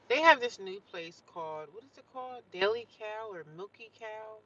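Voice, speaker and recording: A woman's voice: mid-range voice, animated, normal speed. Woman livestreamer, upbeat motivational chat, held far off with a dull mic and road noise all around. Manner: encouraging, preachy, playful, talks to her viewers. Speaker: livestreamer sharing her life. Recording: distant, dull mic with loud traffic noise.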